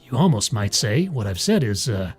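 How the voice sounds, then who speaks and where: A man's voice: fairly low pitch, sing-song, normal speed, loud music behind the voice. A man hosting a livestream, reading an article aloud and mocking it with sarcastic asides. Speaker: streamer host.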